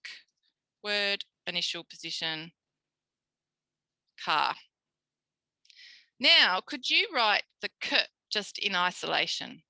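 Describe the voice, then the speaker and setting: An Australian woman, a speech pathologist, giving a recorded tutorial lecture in a lively way, acting out quoted voices. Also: fairly low pitch, takes it slowly, creaky, long pauses, no echo, poor audio. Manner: animated, acts out quoted voices.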